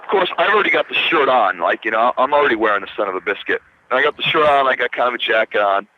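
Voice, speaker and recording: A man's voice: mid-range voice, lively intonation, very fast, no room sound. A man from Minnesota, a rock guitarist, telling a long backstage story in a casual radio interview, acting out the voices of the people in it and swearing casually. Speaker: guitarist guest. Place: radio studio. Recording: dull dry radio recording.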